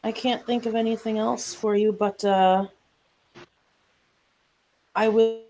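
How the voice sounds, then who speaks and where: A woman's voice: a little high, steady tone, slow, mellow, slight background noise, rough recording. A woman asking questions and reporting findings in a tabletop game, hesitant and full of fillers. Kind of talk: casual tabletop game play.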